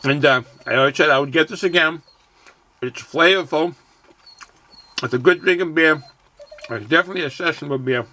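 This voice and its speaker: A man casually reviewing a beer on his vlog, relaxed and rambling, with lots of ums and uhs. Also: a little high, fairly quick, long pauses. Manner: relaxed, rambling, many fillers; chews and hums while eating.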